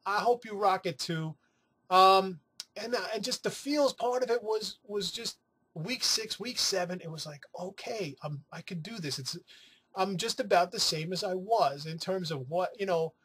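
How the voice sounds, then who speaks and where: Husky, high-voiced New man chatting. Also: normal speed, a bit bright. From New York City. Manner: chatty, rambling, profane, with playful asides. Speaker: weight-loss vlogger. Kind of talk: casual chat to camera.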